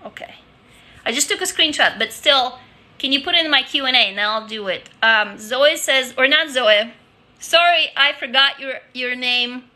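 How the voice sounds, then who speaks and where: This is a livestreamer from Russia, Russian-speaking by birth, casually going through viewer comments on a handheld phone while seated on a couch in her home office. She talks frankly and chattily at a moderate pace in a high, sharply bright voice, restarting a lot and swearing freely.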